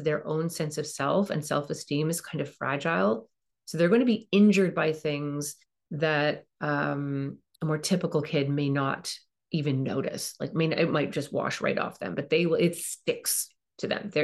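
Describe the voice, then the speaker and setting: A woman with a deep, creaky voice hosts a parenting podcast, speaking at a moderate pace with fairly even intonation. Her advice monologue is earnest and coaching, with emphatic repetition, and she acts out lines a parent and child might say.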